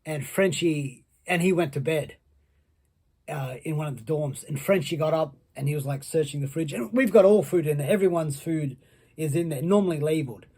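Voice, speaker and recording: A man, a former wrestler, telling a rambling, profane anecdote that builds excitement. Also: on the high side, moderate pace, slightly rough. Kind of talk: casual anecdote.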